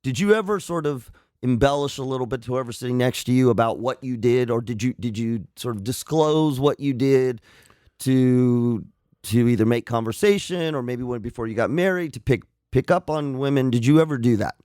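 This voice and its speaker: A man's voice: medium pitch, brisk, darkish tone, smooth, dry recording, studio quality. A man who is a psychologist, co-hosting a radio show and asking rambling, probing questions. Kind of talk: casual chat.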